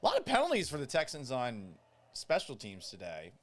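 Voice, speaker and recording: A man's voice: mid-range voice, wildly swooping pitch, a little fast. A man hosting a live podcast watch party, reading viewer comments and commenting on the game in a casual, joking way, swearing freely. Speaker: podcast host.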